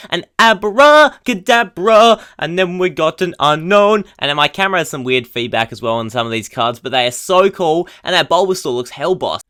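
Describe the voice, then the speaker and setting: A young man at home chatting casually as he opens fan mail, excitable and full of slangy exclamations. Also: fairly high pitch, clean tone. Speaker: YouTuber opening fan mail. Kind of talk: casual unboxing chat.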